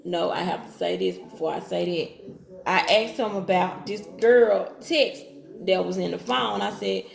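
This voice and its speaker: Gravelly woman telling a personal story. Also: on the low side, normal speed. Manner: talks straight to viewers with Southern-style slang, quotes others in her own voice. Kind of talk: casual storytime monologue. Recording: echoey room.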